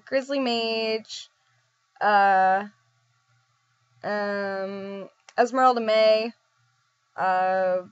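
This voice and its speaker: A woman's voice: mid-range voice, no room sound. Giggly, rambling young woman vlogger. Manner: rambling, giggly, self-deprecating. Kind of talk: casual chat. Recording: dull dry lo-fi recording.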